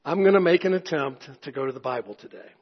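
Male pastor, fairly high husky voice, relaxed sermon delivery with chuckling asides, echoey church hall, dull recording. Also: fast talker. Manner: conversational, anecdotal, chuckling asides.

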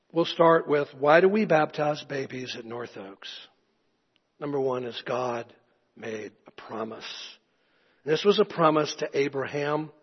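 A man preaching a sermon in a rather high, husky voice, telling stories with chuckling asides. He sounds like he is in a church sanctuary with a long echo. The recording is dull and lo-fi. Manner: conversational, anecdotal, chuckling asides. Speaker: pastor. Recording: echoey hall, dull lo-fi sound.

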